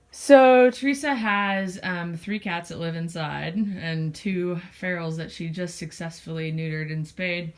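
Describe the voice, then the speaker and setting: A woman's voice: on the low side, measured pace, few pauses. A woman hosting a casual cat vlog at home, chatty and rambling with lots of fillers, a little out of breath. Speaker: cat blog host. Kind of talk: casual vlog talking to her cats and viewers. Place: indoors at home.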